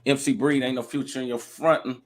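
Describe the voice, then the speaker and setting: A middle-aged man talks about his music background in a relaxed, conversational voice at an ordinary pitch. He sounds easygoing and reminiscent. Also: brisk. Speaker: father and music manager. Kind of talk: casual interview answer.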